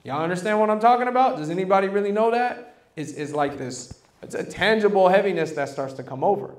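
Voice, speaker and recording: High-voiced preacher in an echoey room. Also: male voice, lively intonation, quick pace. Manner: preaching with call-and-response questions to the congregation. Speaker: pastor. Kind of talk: sermon.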